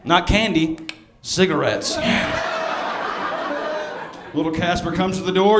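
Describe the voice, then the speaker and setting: A man with a mild Southern accent and a fairly high voice works a stand-up set, wry and sardonic, throwing asides at the crowd. His voice rings a little in an echoey club room. Audience laughter keeps breaking in behind him. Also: a little slow, pauses often. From Southern US, near Birmingham, Alabama. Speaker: stand-up comedian. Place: comedy club stage.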